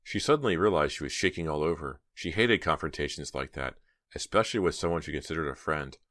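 A man narrating an audiobook in a steady, measured reading. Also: extremely low pitch, dry recording. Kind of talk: scripted narration.

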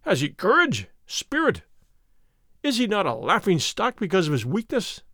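A man reads an overbearing army captain with a purring, sneering delivery, his tone sliding freely up and down. The voice sits fairly high for a man and sounds close and dry, with no room around it. This is a storybook villain who presses, mocks and will not take no for an answer. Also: huge pitch swings, moderate pace, pushed and bright, dry recording, exaggerated voice. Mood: wooing. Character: arrogant bold army captain suitor, male. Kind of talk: audiobook character reading.

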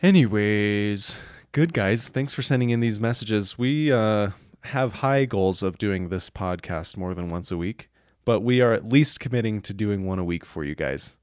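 A young man co-hosting a podcast, talking in a relaxed, reflective way. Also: lowish voice, moderate pace, dry recording, clean studio sound. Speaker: podcast co-host. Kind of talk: casual chat.

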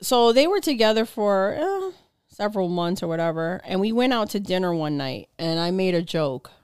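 Woman co-host, casual swearing storyteller, mid pitch, dry close mic. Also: sing-song, normal speed, a little mellow, smooth, no room sound. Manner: profane, laughing storyteller acting out quotes. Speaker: podcast co-host.

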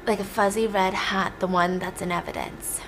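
A woman's voice: mid-range voice, steady tone, normal speed, fairly bright tone, a little hiss or hum. A young woman casually recapping a film plot, chatty and sarcastic, swearing freely.

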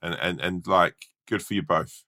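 Super deep guy, rambly storyteller, crisp bright tone. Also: steady tone, moderate pace. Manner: rambling, filler-heavy, swearing. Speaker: podcast co-host. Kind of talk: casual storytelling.

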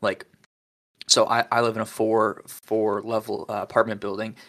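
A man's voice: fairly low pitch, monotone, normal speed, a bit bright. A young man hosting a podcast, telling stories in a laid-back way, full of "dude" and "like". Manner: laid-back storyteller, says "dude" and "like" a lot. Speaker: podcast host. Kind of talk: casual chat.

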